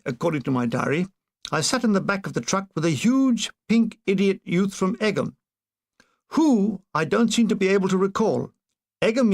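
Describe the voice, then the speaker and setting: A male narrator reads a comic war memoir aloud, delivering his puns with playful, deadpan timing. His voice is high and gravelly, and his pitch moves around a lot.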